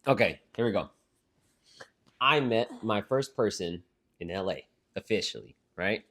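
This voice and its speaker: A man's voice: lowish voice, lively intonation, unhurried, a bit bright. A young man co-hosting a podcast, chatting casually and loosely, rambling and swearing now and then. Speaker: podcast co-host. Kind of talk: casual chat.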